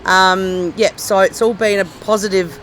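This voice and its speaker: Hoarse, husky middle-aged woman. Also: medium pitch, steady tone, unhurried, a little hiss or hum, rough recording. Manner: chatty, many ums and restarts. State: hoarse, recovering from laryngitis. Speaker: comedian guest. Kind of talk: casual chat.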